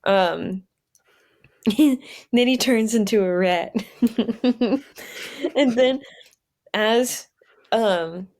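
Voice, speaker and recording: A woman's voice: a little high, drawn-out words, long pauses, darkish tone. A woman podcast host telling an improvised story in a casual, giggly way with many fillers.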